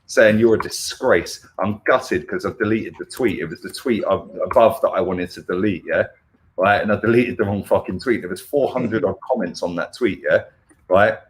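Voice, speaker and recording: A man's voice: fairly low pitch, moderate pace, slight background noise. An angry man hosting a heated football chat, swearing and constantly tagging "yeah? right?" onto his points. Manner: ranting, swears, keeps asking "yeah? right?". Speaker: football fan channel host.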